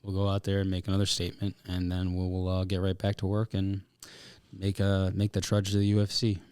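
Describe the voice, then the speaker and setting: A man's voice: deep voice, completely flat delivery, a little fast, darkish tone, clean tone, dry recording, studio quality. A man, a mixed martial arts fighter, speaking plainly and steadily in a casual chat. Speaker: MMA fighter.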